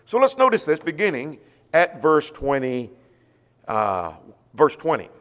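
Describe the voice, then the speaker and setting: A man's voice: a little high, wildly swooping pitch, a little slow, a bit bright, in a large hall. A man preaching a sermon who reads scripture aloud and poses rhetorical questions to the congregation. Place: church auditorium.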